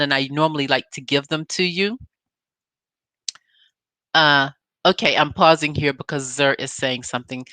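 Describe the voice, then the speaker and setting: Woman, casual show recap, chatty and digressive, bright forceful tone, dry close sound. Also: low-pitched, dry recording. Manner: chatty, digressive, talks straight to viewers. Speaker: YouTube TV show reviewer. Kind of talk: casual episode recap to viewers. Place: home recording setup with green screen.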